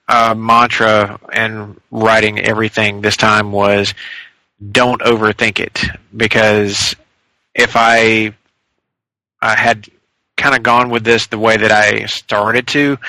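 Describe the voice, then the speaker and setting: A man's voice: fairly low pitch, vocal fry, sharp tone, no echo, low-quality recording. A man talking as a podcast guest, rambling and thinking aloud with frequent fillers. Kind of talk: casual podcast discussion.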